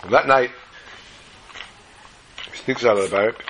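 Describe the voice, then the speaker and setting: A man's voice: medium pitch, a little slow, creaky, noisy background. A man dramatically telling a religious story, building it with repetition.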